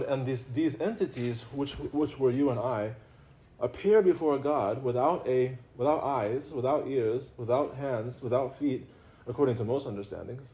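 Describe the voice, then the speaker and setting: A man's voice: medium pitch, unhurried, dark tone. A man giving an informal spiritual talk to an audience, conversational and playful, often laughing and repeating himself. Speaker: religious teacher.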